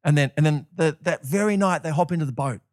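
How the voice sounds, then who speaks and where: A man's voice: on the high side, quick pace, dry recording, clean studio sound. A man preaching a sermon, telling stories and acting out the voices of the people in them. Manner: animated storytelling with acted-out voices.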